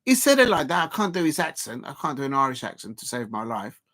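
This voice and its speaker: A man's voice: mid-range voice, expressive, fast talker, bright, forceful tone. A man hosting a casual football live stream, talking in a rambling, emphatic way with frequent restarts.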